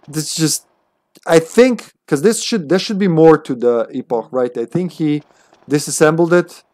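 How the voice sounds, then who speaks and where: A man's voice: a little high, unhurried, a little mellow, no room sound. A man streaming a game, chatting casually as he plays, swearing freely and thinking aloud. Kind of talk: casual gameplay commentary.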